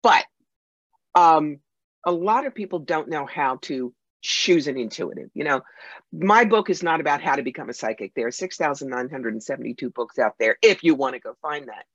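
A woman's voice: sits low, expressive, normal speed, no room sound. Woman guest telling stories, punchy n emphatic, kinda muffled lo-fi dry audio. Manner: emphatic, punchy anecdotal storyteller. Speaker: guest, psychic medium and author. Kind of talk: podcast interview, storytelling. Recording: dull lo-fi sound.

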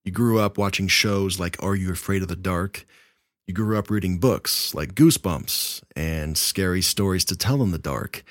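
Low-voiced male horror story narrator. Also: normal speed, dry recording, clean studio sound. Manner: relaxed and chatty when speaking to listeners. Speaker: narrator of scary stories. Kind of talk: reading submitted stories aloud.

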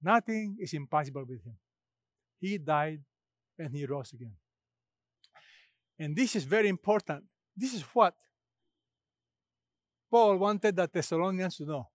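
Male preacher, high pitch, dry, no room, emphatic sermon with rhetorical questions. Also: lively intonation, measured pace, pauses often, no echo.

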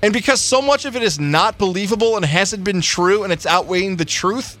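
A man's voice: high voice, brisk, a bit bright, faint music behind. A man hosting a sports talk radio show, chatting in an easygoing way and reading a live sponsor spot.

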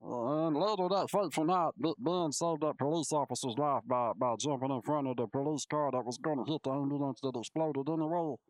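A man hosting a comedy podcast, acting out an improvised skit in a playful way that jumps into high, silly voices. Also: fairly quick, few pauses, a little mellow, soft background music. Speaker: podcast host.

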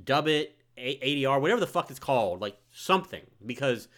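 A man co-hosting a movie podcast who is blunt and swears a lot. His voice is bright and edgy, and his pitch sits in a middle range. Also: animated, fairly quick. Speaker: podcast co-host. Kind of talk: casual movie review chat.

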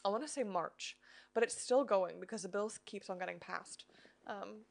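A woman's voice: mid-range voice, normal speed, creaky. Female co-host, casual and talkative, plain explainer who often asks "right?". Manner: chatty, explains simply, frequent "you know" and "right?". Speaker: podcast co-host. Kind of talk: casual faith-based chat.

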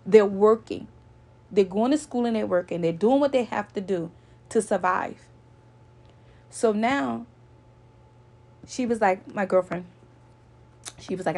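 A woman's voice: medium pitch, a little slow, vocal fry, pauses often, warm tone. A woman telling a personal story to her viewers in an earnest, lecturing way, repeating her points for emphasis. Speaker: vlogger.

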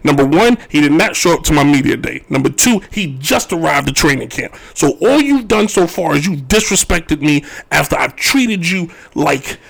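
A man hosting a sports talk radio show, ranting his opinions in an animated, joking way. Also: on the high side, normal speed, vocal fry, few pauses, slightly rough.

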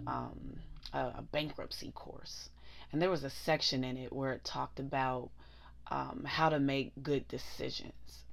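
A woman's voice: low-pitched, creaky, a little hiss or hum. A woman with a Pittsburgh accent, rambling and thinking aloud in a casual vlog, chuckling often. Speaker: vlogger. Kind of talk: casual talk to camera.

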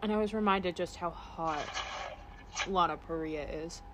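A woman co-hosting a casual podcast chat, swearing freely and ranting with animated energy. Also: lowish voice, normal speed, noisy background. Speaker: podcast co-host.

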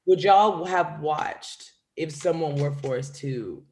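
A woman's voice: low-pitched, slow, a little mellow. A woman comedian co-hosting a podcast, playful and bold as she riffs on absurd bits. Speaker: comedian co-host. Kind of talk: casual comedy podcast chat.

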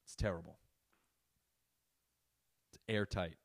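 A man's voice: low voice, fairly even intonation, takes it slowly, no echo, clean studio sound. A man hosting a podcast, talking casually about being a parent and ranting in an exasperated, profane way. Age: adult parent. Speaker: podcast host. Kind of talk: casual monologue.

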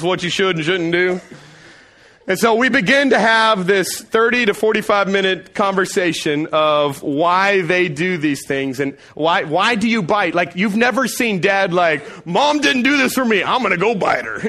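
A man in his thirties preaching a sermon, telling family stories with animated delivery and acted-out voices. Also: high voice, normal speed. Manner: animated storytelling, acts out voices. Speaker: pastor.

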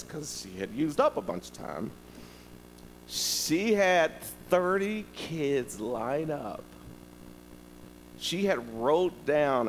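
A man preaching a sermon, telling stories and talking directly to the congregation in a lively, conversational way. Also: medium pitch, long reverb tail, a little hiss or hum, low-quality recording. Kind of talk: sermon with storytelling.

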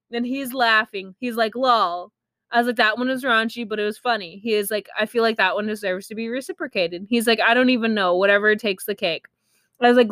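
Young woman streamer, candid and chatty, clear voice, dry room. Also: medium pitch, a bit bright, no room sound. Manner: chatty, candid, laughs at herself, lots of "like". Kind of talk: casual storytime.

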